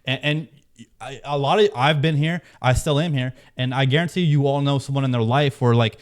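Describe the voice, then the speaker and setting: A man's voice: mid-range voice, fairly quick. Rambling man talking to camera. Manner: rambling, many restarts and fillers. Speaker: video host. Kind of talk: casual talk to camera.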